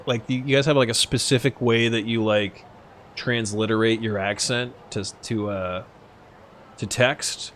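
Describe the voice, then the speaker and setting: Tipsy from drinking, this young man talks casually on a live stream while he games, wandering off topic, cursing and laughing often. His mid-range voice is fairly bright, holding a steady tone at normal speed, with slight background noise.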